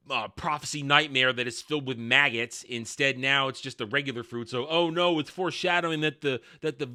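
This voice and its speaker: A man's voice: medium pitch, sharp tone. A man giving a casual, sarcastic and blunt review of a TV episode. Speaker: TV show reviewer. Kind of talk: casual video review commentary.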